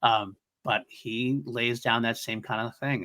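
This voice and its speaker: A man's voice: lowish voice, steady tone, normal speed, hardly any pauses, sharp tone. A man co-hosting a fan podcast, talking eagerly in casual chat and laughing while he retells scenes. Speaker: podcast co-host.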